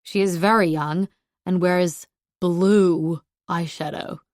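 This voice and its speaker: A prickly young man grumbles defensively through this audiobook scene, voiced by a woman narrator. His lines come out gruff and a little loud. The sound is dry and close. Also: lowish voice, steady tone, slow, dry recording. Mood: grumbling. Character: grumpy young man, prickly rival driving an old truck. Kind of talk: audiobook character voice.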